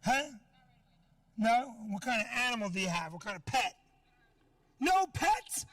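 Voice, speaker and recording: Brash, profane stand-up comic man, high voice. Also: very animated, measured pace, a bit bright, dry recording, far from the mic. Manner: brash, profane, teasing the audience. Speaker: stand-up comedian. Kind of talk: stand-up set with crowd work. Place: comedy club.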